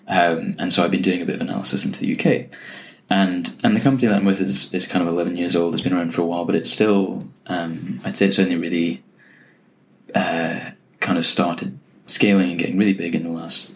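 A man's voice: low-pitched, gravelly, slight background noise. A young man hosting a solo podcast, telling stories in a wry, self-deprecating way. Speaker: podcast host. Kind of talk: solo casual podcast chat.

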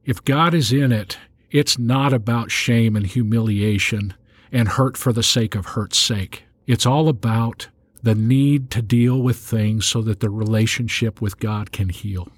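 Guy preaching, mid pitch, reads bible verses slow and careful, dry close mic. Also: no room sound. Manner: measured, slows down and rises in pitch when reading scripture aloud. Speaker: podcast host and preacher. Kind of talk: spoken sermon with scripture reading.

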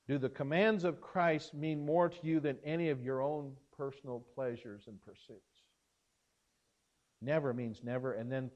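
Earnest male preacher, slightly high voice. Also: highs cut off. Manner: earnest, emphatic preaching with pauses and restarts. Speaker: pastor. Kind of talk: sermon.

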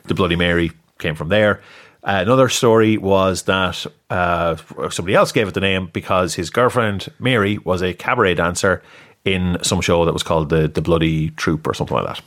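Male podcast co-host, low voice, chatty quizmaster who laughs at his own stumbles. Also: a little fast, a bit bright. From has lived in the US. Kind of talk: casual quiz chat.

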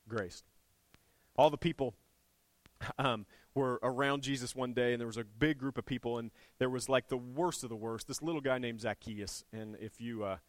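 A man preaching a sermon as a church pastor, storytelling with animated swings, climbing to fervent, near-shouted peaks. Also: medium pitch, no echo. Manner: animated, rising to impassioned shouting.

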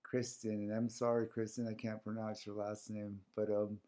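A man's voice: lowish voice, completely flat delivery, normal speed, mellow. A man talking casually as a guest, telling a personal story with lots of fillers and acting out what people said. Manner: rambling with many fillers, acts out quoted dialogue. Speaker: guest organizing a community series.

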